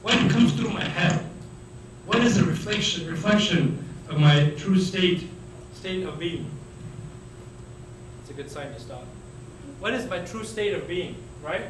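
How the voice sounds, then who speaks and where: A man giving a religious lecture to students, animated, acting out the voices of the people he describes. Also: high-pitched, a little slow, long pauses. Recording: echoey hall, mic far off, faint noise.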